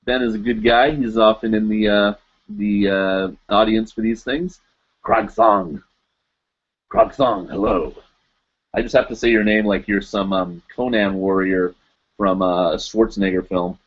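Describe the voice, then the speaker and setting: A man's voice: fairly low pitch, fairly even intonation, normal speed, muffled recording. A man hosting a live stream, casually chatting and reading out viewer comments in a rambling, self-deprecating way.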